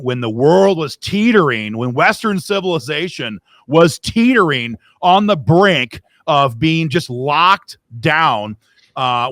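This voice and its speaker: A man's voice: a little high, fairly bright tone, dry recording. A man co-hosting a political podcast who speaks in a blunt, profane way. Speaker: podcast co-host. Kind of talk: opinionated political talk.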